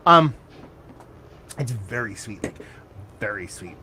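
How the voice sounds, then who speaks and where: Excitable man reviewing beer, noisy background. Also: fairly low pitch, a little slow, pauses often. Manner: animated, excitable, self-mocking with loose cursing. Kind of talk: casual beer tasting review.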